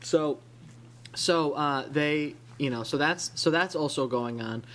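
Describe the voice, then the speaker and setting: A man's voice: a little high, takes it slowly, fairly bright tone. A man from the Illinois-Wisconsin area of the USA hosting a casual comic book podcast, rambling with many restarts and fillers. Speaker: podcast host.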